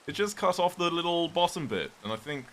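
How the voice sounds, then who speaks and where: Bright-toned young British man chatting. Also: a little high, very animated, brisk, a little hiss or hum. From Britain. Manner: rambling, chatty, reads and thanks chat. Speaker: streamer. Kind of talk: casual livestream chat while gaming.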